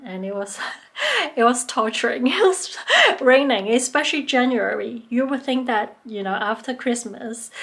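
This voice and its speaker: A woman vlogger chatting casually to her camera at an average pitch. She talks in a loose, hesitant way with plenty of fillers and often laughs as she goes. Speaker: travel vlogger.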